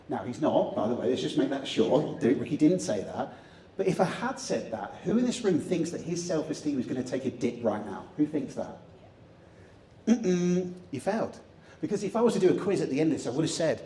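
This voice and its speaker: A man's voice: fairly high pitch, very animated, normal speed, dark tone, a little hiss or hum. A young man giving a jokey motivational stage talk, leading the audience in chants and magic tricks. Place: conference hall stage. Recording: echoey hall, distant mic, faint ambience.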